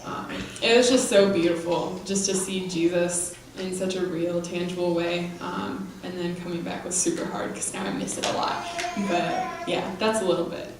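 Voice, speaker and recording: A woman gives a heartfelt, halting church testimony in casual phrasing. She is heard from a distance in an echoing hall, with a faint hum behind her. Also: fairly low pitch, fairly even intonation. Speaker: mission team member. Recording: echoey hall from far off.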